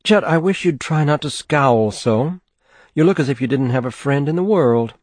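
A man voicing a gently scolding mother. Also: mid-range voice, expressive, normal speed, dry recording, voice pushed up, lightly acted. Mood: chiding. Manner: mild, chiding.

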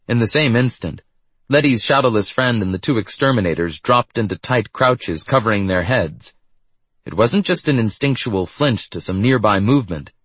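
A man with a husky voice reading a story in steady scripted narration. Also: lowish voice, dry recording.

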